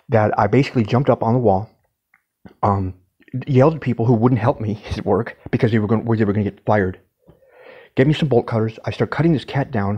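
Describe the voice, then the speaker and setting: Speaking with a husky, mid-range voice, a man recounts a personal story casually but intensely, using swear words for emphasis. The recording is a bit dull and lo-fi.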